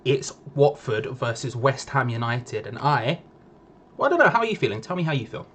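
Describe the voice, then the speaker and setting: A young man co-hosts a live football watch-along stream, chatting playfully and repeating himself for effect. His medium-pitched voice is very animated, fairly quick, and fairly bright, with slight background noise.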